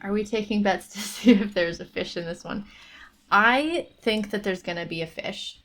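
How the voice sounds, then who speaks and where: A woman's voice: medium pitch, moderate pace. Woman reading a folk tale aloud. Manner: chatty, thinks aloud between passages. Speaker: book club streamer.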